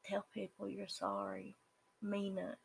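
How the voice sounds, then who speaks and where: A speaker with a Southern US accent gives an earnest, halting personal testimony, with some words dropping to a whisper. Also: medium pitch, monotone, vocal fry, slight background noise, poor audio. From Southern United States. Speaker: person sharing their life story.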